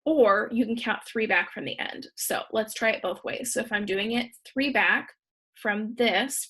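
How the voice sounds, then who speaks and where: Female teacher, mid-pitched and a bit husky, patient step-by-step slideshow narration. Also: bright, forceful tone. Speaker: Spanish teacher. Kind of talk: recorded slideshow lesson.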